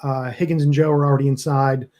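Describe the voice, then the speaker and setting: A man's voice: medium pitch, flat delivery, quick pace, a little mellow. A man narrating as game master, casual and stopping often to search for words.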